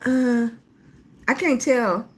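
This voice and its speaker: A woman's voice: fairly high pitch, drawn-out words. A middle-aged woman hosting a casual livestream, chatting freely with viewers and calling them baby, with an occasional cough. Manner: talkative, warm-hearted, calls viewers baby. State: coughing at times. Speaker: livestream host.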